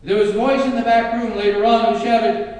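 A male preacher tells a sermon story with dramatic emphasis, his voice fairly high. The recording is distant and echoes heavily through a large hall with long reverb. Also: little pitch movement, a little fast, a little mellow.

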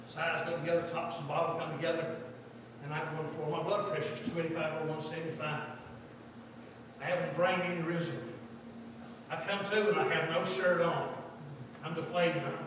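A man preaching a sermon in a church, swinging between loud exhortation and hushed storytelling. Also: a little high. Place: church sanctuary. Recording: echoey hall, distant mic, faint room noise.

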